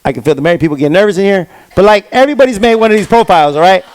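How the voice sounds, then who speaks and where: A man doing a stand-up comedy set on stage, telling stories with lively quoted voices. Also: sits high, racing, dry recording. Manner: animated storytelling with quoted voices. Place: comedy stage before a live audience.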